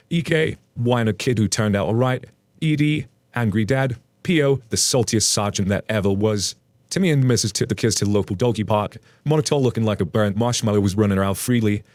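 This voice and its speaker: A man's voice: lowish voice, darkish tone, no echo. A man casually narrating online stories, chatting directly to his listeners. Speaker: story narrator.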